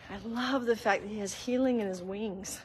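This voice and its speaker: In this low-quality recording with slight background noise, a woman speaks at a moderate pace in a medium-pitched voice. She's out walking while hosting a faith-based walk-and-talk, earnestly and conversationally teaching spiritual lessons to listeners she calls "guys."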